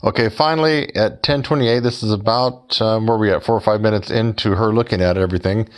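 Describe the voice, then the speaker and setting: A man's voice: lowish voice, fairly quick, clean tone. A man telling a story to his viewers in a sarcastic, mocking way and speaking directly to them as folks. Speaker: YouTuber.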